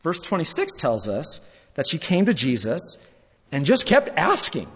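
A man preaching a sermon, repeating phrases for emphasis and swinging between loud and hushed. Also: fairly high pitch, huge pitch swings, moderate pace, slightly rough, big-room sound.

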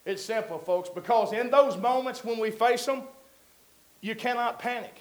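A man with a very high voice preaches a sermon. He talks to the congregation in a conversational way, then climbs to loud, emphatic peaks. His voice rings through an echoey church hall. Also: moderate pace.

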